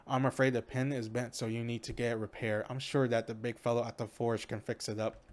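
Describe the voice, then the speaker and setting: A man's voice: mid-range voice, flat delivery, a little fast, lightly acted. A hearty, commanding noble lord, read aloud by a man in a mid-range voice, formal and rallying. He speaks like a leader thanking his fighters. The delivery is plain read-aloud game dialogue. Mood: fatherly.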